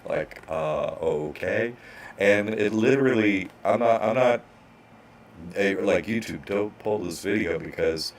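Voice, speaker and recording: A man's voice: deep voice, creaky, a little hiss or hum. A man casually telling a rambling story as an online course instructor, restarting sentences and acting out bank clerks.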